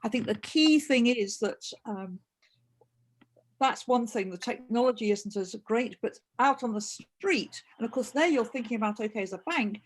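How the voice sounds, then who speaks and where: A woman's voice: fairly high pitch, lively intonation, normal speed. A woman co-hosting a webinar discussion, talking earnestly and often restarting her phrases. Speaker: co-host and consultant.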